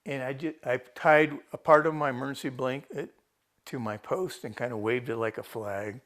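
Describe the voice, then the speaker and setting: A man with a gravelly, mid-range, somewhat bright voice recounts an ordeal as a rescued hiker talking to a TV reporter. His casual first-person account rambles, restarting often and quoting his own thoughts.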